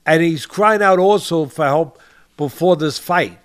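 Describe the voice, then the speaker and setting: Emphatic and impassioned, an older boxing podcast host drives his points home by repeating phrases and calls his co-host by name. He speaks with a high-leaning voice at a measured pace.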